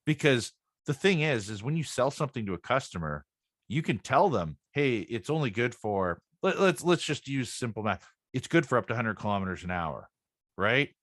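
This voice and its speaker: A man's voice: mid-range voice, sing-song, moderate pace, a bit bright, dry recording, clean studio sound. A man hosting an interview, talking loosely with many restarts. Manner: rambling, lots of restarts and fillers. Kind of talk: conversational interview.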